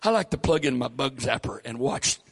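An older man with a Southern accent preaching a sermon, rising loud and high on key phrases. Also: lively intonation, a little fast. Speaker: pastor.

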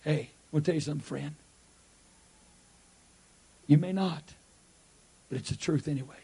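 Man, high voice, preacher, repeats his points, acts out scenes. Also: moderate pace, gravelly, warm tone, breathy edge. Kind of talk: sermon.

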